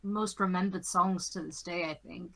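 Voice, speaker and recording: A woman chatting in a casual group movie commentary, easygoing and quick to laugh. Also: lowish voice, steady tone, creaky, pushed and bright. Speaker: commentary co-host.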